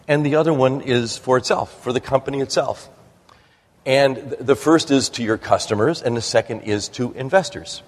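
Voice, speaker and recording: A man's voice: medium pitch, husky. Rambling man speaking in a hall. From New Jersey. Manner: rambling, frequent restarts and fillers. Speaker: speaker giving a talk. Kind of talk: anecdotal talk to an audience. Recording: long reverb of a hall.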